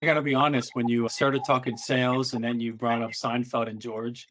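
A man's voice: medium pitch, level tone, brisk, fairly bright tone. A man co-hosting a podcast, mostly backing up the guest with short reactions and laughs. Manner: laughs along and gives short responses. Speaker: podcast co-host. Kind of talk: casual chat.

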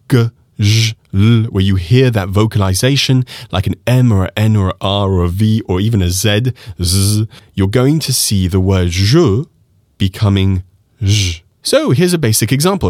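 A man teaching French pronunciation on a podcast, lively and animated, slowing down to repeat phrases for the listener. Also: lowish voice, dry recording, studio quality.

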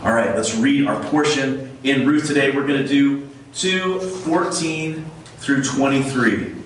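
A man's voice: medium pitch, unhurried, a little hiss or hum. A man preaching a casual sermon, reading scripture and asking his listeners questions. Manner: conversational, asks the listeners questions. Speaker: pastor. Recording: echoey room, mic far off.

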